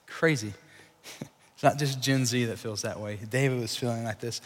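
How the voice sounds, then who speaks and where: A young man preaching a casual sermon to young adults, animated, acting out voices, with lots of fillers. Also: medium pitch, normal speed. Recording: long hall reverb.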